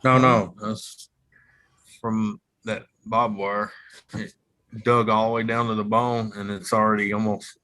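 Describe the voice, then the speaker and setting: A man's voice: fairly low pitch, little pitch movement, a little slow, bright, forceful tone. A man chatting casually on a live stream, rambling through stories and laughing often.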